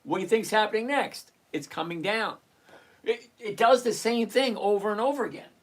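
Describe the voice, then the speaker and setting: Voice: medium pitch, normal speed. A trading streamer with a mid-range voice, talking casually to viewers over a desktop mic. The delivery is blunt and lecturing, and the host repeats rules over and over. Exasperated asides and the odd mild curse keep the chat loose. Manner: mildly profane, exasperated asides. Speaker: stock trading livestream host.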